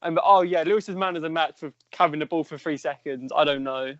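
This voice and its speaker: A man's voice: on the high side, fast, fairly bright tone, no echo. Young guy teasing his mates, dry muffled lo-fi audio. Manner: playful teasing banter. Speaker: podcast co-host. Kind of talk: casual chat. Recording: dry, dull lo-fi podcast audio.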